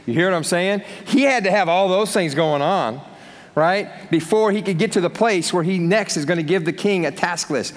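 Male pastor, slightly high voice, casual lively sermon delivery, long hall reverb. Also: moderate pace. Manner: lively, conversational preaching with acted-out quotes.

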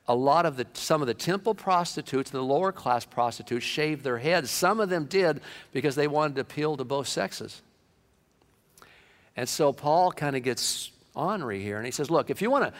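A man preaching a sermon in a lively manner, acting out comic quotes and voices. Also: a little high. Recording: long hall reverb.

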